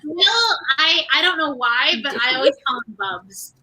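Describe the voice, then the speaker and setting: A woman in a casual group video chat who talks slowly and laughs often. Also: sits high, very animated, crowd noise, rough recording.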